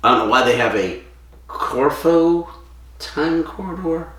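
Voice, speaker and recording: A man's voice: on the high side, lively intonation, measured pace, a bit bright. A man co-hosting a casual podcast, rambling through a plot recap and stopping to search for names. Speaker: podcast co-host. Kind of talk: casual chat. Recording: echoey room, distant mic.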